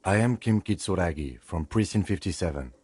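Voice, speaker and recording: An actor playing a composed, formal police lieutenant in a video game, speaking in a clipped husky voice. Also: male voice, deep voice, expressive, fairly quick, darkish tone, dry recording. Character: calm precise male police lieutenant.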